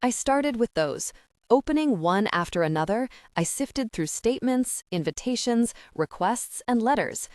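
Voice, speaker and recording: A woman narrating a first-person audiobook in an expressive, measured way. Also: a little high, no echo, clean studio sound.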